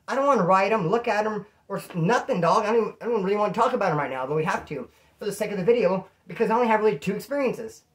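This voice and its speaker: A man's voice: sits high, expressive, fast talker. A man telling stories to the camera in a casual, slangy way, acting out quotes in a raised voice. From California. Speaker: storyteller.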